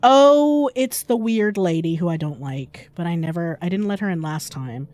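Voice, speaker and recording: A woman streamer giving casual, jokey commentary on a horror game, excitable and swearing freely. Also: fairly low pitch, moderate pace, few pauses.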